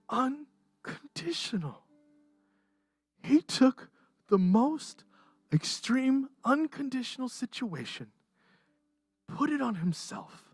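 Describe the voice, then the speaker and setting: A pastor delivering a livestreamed sermon, impassioned and emotional, rising to near-shouts and dropping to hushed softness. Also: mid-range voice, husky, no room sound. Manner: impassioned, swings from raised intensity to hushed softness. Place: church.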